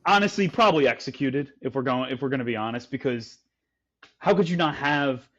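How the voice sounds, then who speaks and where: A man's voice: mid-range voice, brisk, a bit bright, dull audio. A man co-hosting a casual podcast, telling a story with lots of restarts and fillers. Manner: rambling storyteller with many restarts. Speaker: podcast co-host. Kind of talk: casual chat.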